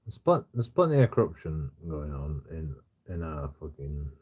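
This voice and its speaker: A man's voice: a bass voice, sing-song, moderate pace, darkish tone, husky. A man, a streamer, rants casually in a rambling, repetitive way and swears constantly. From England.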